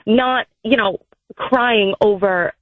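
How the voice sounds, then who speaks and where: A woman's voice: mid-range voice, slow, no room sound. A woman in her thirties calling in to a radio show, telling a story in a chatty, heartfelt way. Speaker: caller. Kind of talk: call-in over the phone. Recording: tinny phone line.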